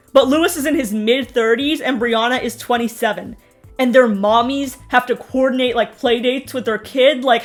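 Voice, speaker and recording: A young woman giving snarky, sarcastic recap commentary on a reality show, with mocking asides. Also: sits high. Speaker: TV recap host.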